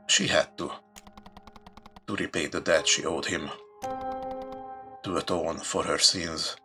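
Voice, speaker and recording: Deep, gravelly let's play narrator. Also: male voice, sharp tone. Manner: dramatic reading with dry asides. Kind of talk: reading a visual novel aloud with commentary.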